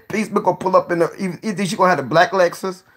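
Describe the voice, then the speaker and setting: A man hosting a casual live stream, joking, cursing freely, laughing often and giving shout-outs to viewers. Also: high-pitched, moderate pace, slightly rough.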